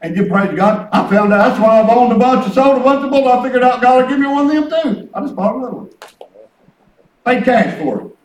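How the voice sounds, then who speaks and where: A man preaches a folksy sermon with testimony in a very high, animated voice, talking fast as he tells rambling stories and breaks into calls of praise. The recording has a slight hiss or hum and comes from a distant mic in an echoey room.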